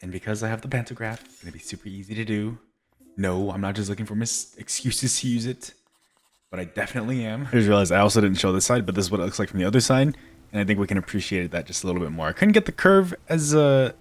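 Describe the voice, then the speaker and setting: A man giving casual commentary while building in a video game, rambling playfully and laughing at himself. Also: on the low side. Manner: playful, giggly, self-mocking rambling. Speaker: gameplay video creator.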